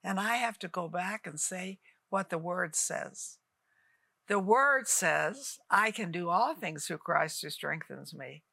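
Elderly woman minister, slow and gravelly. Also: animated, pushed and bright, dry recording, studio quality. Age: 80s. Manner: fervent, exhorting, with sudden rises in pitch. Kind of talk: televised ministry teaching and prayer.

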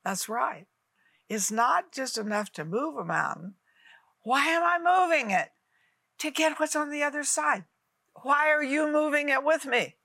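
A woman's voice: a little high, vocal fry, sharp tone, no room sound. A woman in her eighties preaching on television, fervent and coaxing, talking straight to viewers. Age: 80s. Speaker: television minister. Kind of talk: televised sermon and prayer.

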